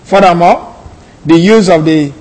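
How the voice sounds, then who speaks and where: A man teaching a Bible lesson, deliberate and repeating key phrases. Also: high voice, darkish tone. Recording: long hall reverb.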